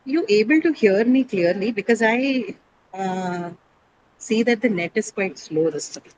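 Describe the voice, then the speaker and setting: A woman's voice: medium pitch, lively intonation, a little slow, darkish tone, dull audio, a little hiss or hum. A woman teaching English stress rules over a video call, explaining patiently, quizzing her students and often checking with "right?". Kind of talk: online class lecture.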